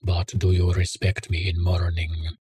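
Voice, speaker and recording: Brief: a man playing a teasing homeless drifter in his thirties, Russian accent, husky low whisper. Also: completely flat delivery, a little slow, mellow, no echo, exaggerated voice. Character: homeless man, early thirties, grinning and flirtatious.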